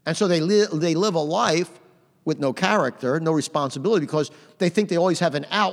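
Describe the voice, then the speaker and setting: A middle-aged man preaching a sermon in a conversational way, punching out phrases loudly and adding "amen". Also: on the high side, brisk. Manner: conversational preaching with sudden loud emphatic phrases and frequent "amen". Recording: long hall reverb.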